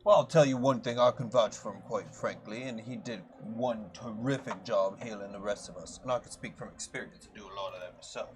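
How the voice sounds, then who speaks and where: A man's voice: lowish voice, fairly quick, hardly any pauses. A man playing a tabletop game, talking in a jokey, playfully wordy way. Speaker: player. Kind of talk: casual tabletop game talk. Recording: noisy mic with hum behind.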